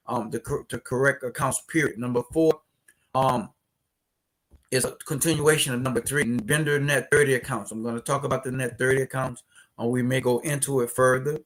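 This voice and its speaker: A man's voice: medium pitch, fairly bright tone. A man from New Orleans with a New Orleans accent, hosting a casual livestream and chatting directly with viewers before presenting steps. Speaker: host of a business credit livestream.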